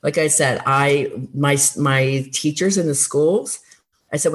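A woman who worked as a school counselor, giving earnest, encouraging advice in a relaxed interview, with frequent fillers. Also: deep voice, slow, slight background noise. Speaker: former school counselor, guest. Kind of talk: conversational interview answers.

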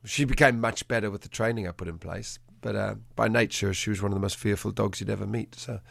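A man, a dog trainer, telling a story in an animated way and acting out the quotes in a changing voice. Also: fairly low pitch, quick pace, vocal fry, no room sound. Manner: animated, acts out quotes in a shifting voice. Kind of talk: conversational storytelling.

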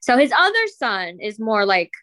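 A woman's voice: fairly high pitch, big pitch swings, moderate pace, pushed and bright, no echo, studio quality. A woman co-hosting a podcast, chatting casually with blunt, crude reactions. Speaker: podcast co-host. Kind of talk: casual gossip chat.

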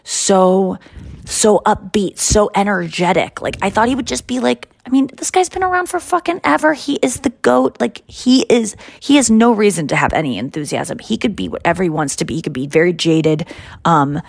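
A woman's voice: lowish voice, moderate pace, gravelly, no echo. A woman hosting a podcast, chatting casually and acting out the people she quotes as she tells a story. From United States. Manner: animated storyteller, acts out quotes. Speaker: podcast host. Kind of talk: casual chat.

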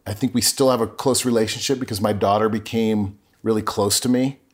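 Telling his own life story on a podcast, a middle-aged guest is earnest and emotional and keeps revising himself mid-sentence. His voice sits on the low side, with a steady tone and a fairly quick pace, in a candid, personal storytelling mode.

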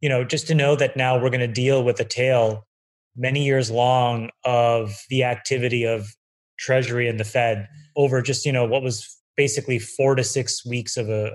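Measured man with a mid-range voice. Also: mid-range voice. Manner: measured, thinks aloud with hedges. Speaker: guest investor. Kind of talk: interview answers.

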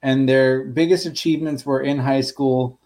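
A man's voice: mid-range voice, fairly even intonation, moderate pace, a little mellow. A man on a podcast ranting bluntly, swearing often in casual chat.

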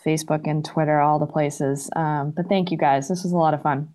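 A woman with a Boston accent, talking as a podcast guest in a chatty, animated way full of fillers. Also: sits low, a little fast. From Boston, USA. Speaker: guest, arena marketing director. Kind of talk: casual podcast chat.

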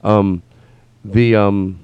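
A man's voice: on the low side, steady tone, very slow, clean tone, no echo, dull audio. A man hosting a podcast alone in a studio, rambling casually, restarting his sentences and breaking into silly announcer bits. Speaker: podcast host. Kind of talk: casual solo podcast riffing.

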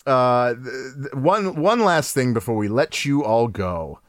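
A man co-hosting a casual podcast chat. He gets excited, laughs often, and restarts his sentences a lot. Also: medium pitch, a little slow, dry recording, studio quality. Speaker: podcast co-host.

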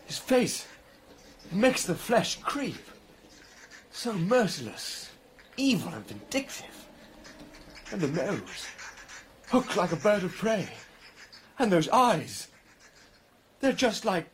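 A man's voice: high-pitched, a little hiss or hum, exaggerated voice. An actor playing a nervous young male scholar alone at night, talking to himself and easily spooked.

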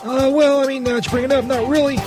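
A man doing a whiny, profane saint, squeaky high voice. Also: fairly even intonation, quick pace, music in the background. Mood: indignant. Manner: whiny, profane, keeps saying "Jesus". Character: crude irritable man playing a saint, who calls everything bullshit.

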